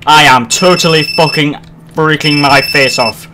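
A man commentating his horror game playthrough, swearing a lot and shouting at the game when it frightens him. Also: fairly high pitch, a little slow, heavy background noise. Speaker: let's play host. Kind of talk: gaming commentary.

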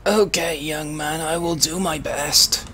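A man voicing a tired, confused old British gentleman with a strained throaty voice, slow and genteel in a game role-play. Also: fairly high pitch, steady tone, a little hiss or hum, pitched above the performer's own voice. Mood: polite, befuddled. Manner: slow, genteel, addresses officers formally.

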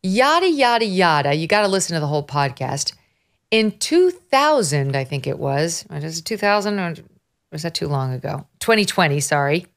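A woman hosting a podcast, telling a story in an animated way with quick asides. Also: low voice. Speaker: host. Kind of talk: casual podcast commentary.

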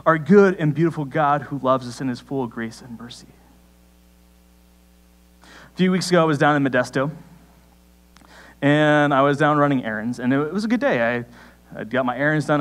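A young adult pastor preaches a sermon, telling a personal story conversationally, with sudden rises in pitch.

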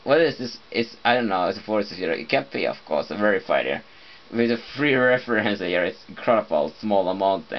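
A man's voice: fairly low pitch, expressive, a little fast. Playful man humming, lo-fi home video. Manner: loose and playful, breaks into humming and scat sounds. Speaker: vlogger. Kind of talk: rambling casual vlog chat. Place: shared apartment indoors. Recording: dull lo-fi home video audio.

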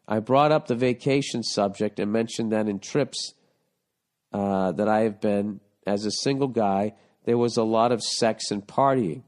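A man hosting a podcast, reading listener letters aloud and giving profane, exasperated comedic advice. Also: mid-range voice. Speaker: podcast host.

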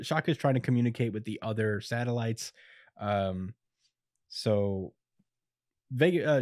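On a podcast microphone, a young man co-hosts a relaxed recap of a comic chapter, frequently chuckling and briefly performing quoted lines. His voice runs on the low side with a darkish tone. The sound is studio quality with no room sound.

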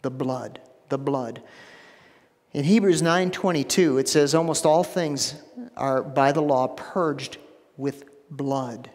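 A man preaching a sermon as pastor, emphatic, repeating phrases and dropping to a hushed low voice for stress. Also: slow pace, long reverb tail. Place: church sanctuary.

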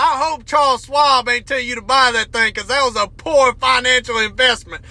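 A middle-aged man rants a crude comic story, loud and drawling. His voice sits very high with a piercing, bright edge. The sound is close and dry, as if recorded in a car. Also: steady tone, moderate pace, few pauses, dry recording. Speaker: comedian. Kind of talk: comedic rant to camera.

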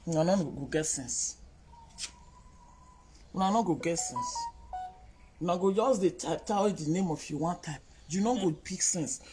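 Nigerian accent, scolding, repetitive lecturing, middle pitch, faint hiss behind. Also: darkish tone, rough recording. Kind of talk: scolding monologue to online commenters.

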